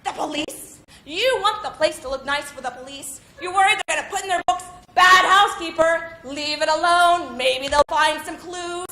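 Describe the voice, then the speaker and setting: A woman's voice: very high voice, moderate pace, few pauses, pushed and bright, full character voice. A woman voicing a grumpy, sarcastic middle-aged husband in a staged comedy scene, needling his wife with dry questions. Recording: roomy echo.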